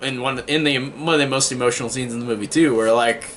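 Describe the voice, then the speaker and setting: A man's voice: mid-range voice, quick pace, fairly bright tone, slight background noise. A man giving a casual spoken movie review, rambling with frequent restarts and fillers.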